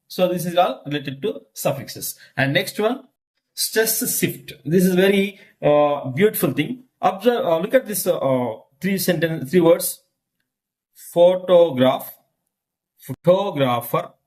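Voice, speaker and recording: A man with a Telugu accent teaches English pronunciation, his voice pitched somewhat high. He speaks very slowly, repeating each example word several times as a drill. Fillers and "okay" mark every step. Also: a little mellow. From India. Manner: slow, deliberate, repeats words for drilling; frequent fillers and "okay" between points. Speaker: English lecturer. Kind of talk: classroom lesson on word stress.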